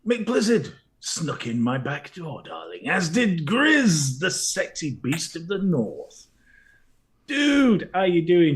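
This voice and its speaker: A middle-aged man co-hosting a live stream, greeting viewers in a playful, teasing way with lots of giggling. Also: on the high side. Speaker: livestream co-host.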